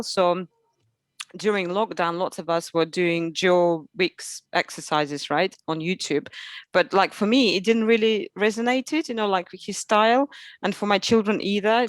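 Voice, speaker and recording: A woman's voice: fairly low pitch, dry recording. A mother, a guest on a podcast, telling chatty anecdotes full of fillers. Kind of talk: casual interview storytelling.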